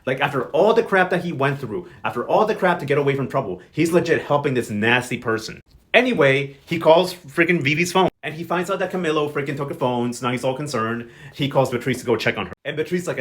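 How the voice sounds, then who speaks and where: A fast, animated man recapping a story as a host. His pitch sits a little high and he talks with sass and exaggerated quoted voices. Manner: sassy, animated, quick quoting with exaggerated voices. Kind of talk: casual commentary.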